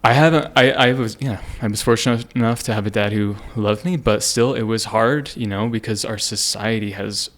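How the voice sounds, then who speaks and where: A man's voice: fairly low pitch, moderate pace, few pauses. A young man sharing a personal story on a casual podcast, earnest and rambling with many fillers and restarts. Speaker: podcast co-host.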